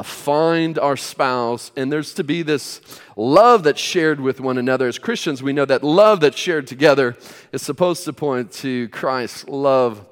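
Pastor in his forties, man, mid-pitched, storytelling sermon in a reverberant hall. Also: clear, resonant tone. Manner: conversational storytelling with emphatic, rising bursts.

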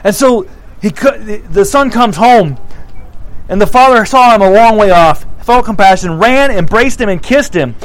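A man preaching a sermon, retelling a parable with animated delivery and acting out the characters' lines. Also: high-pitched, normal speed, rough recording.

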